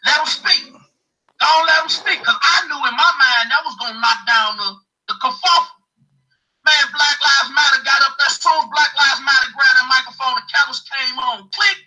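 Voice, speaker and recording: A man telling a story on a talk show, animated and profane, acting out what other people said. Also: very high voice, normal speed, poor audio.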